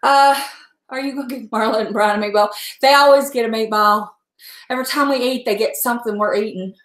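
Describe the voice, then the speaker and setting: A woman's voice: fairly high pitch, steady tone, brisk, fairly bright tone. A woman chatting casually while she cooks on a livestream. She rambles from one thing to the next and talks frankly, with a salty word here and there. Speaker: home cook livestreaming. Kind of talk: casual chat while cooking. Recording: echoey room.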